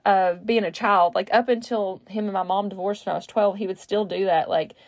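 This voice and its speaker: A woman runs her own podcast in a casual monologue, rambling, using fillers, and correcting herself. Her medium-pitched voice is steady and fairly quick, with no room sound.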